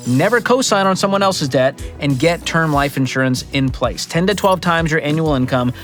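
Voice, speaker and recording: A man in his thirties with a fairly high voice, riffing sarcastically as he reacts to clips. His delivery jumps around for comic effect, and soft music plays underneath. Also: expressive, normal speed. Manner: sarcastic, jokey, big pitch swings. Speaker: host. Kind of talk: reaction video commentary.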